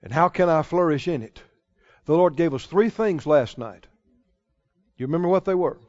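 A man preaching a sermon, emphatic, repeating key phrases and slowing down to stress scripture. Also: fairly high pitch, animated, a little mellow. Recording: dull lo-fi sermon recording.

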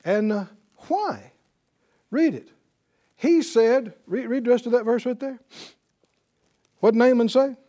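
A man teaching a Bible class, telling the story in an animated way and chuckling often. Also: extremely high pitch, unhurried, pauses often.

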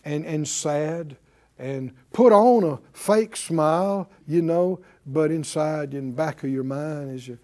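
A man's voice: on the high side, expressive, measured pace, warm tone. A man preaching a sermon in an emphatic call-and-response style, leading the congregation in repeating lines.

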